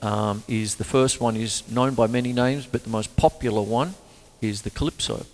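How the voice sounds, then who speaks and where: An older man hosting a casual drum lesson, chatty and singing rhythms out loud as he plays. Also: mid-range voice, moderate pace, noisy background. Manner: chatty, sings rhythms aloud. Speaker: drum teacher and show host. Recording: reverberant room with drums.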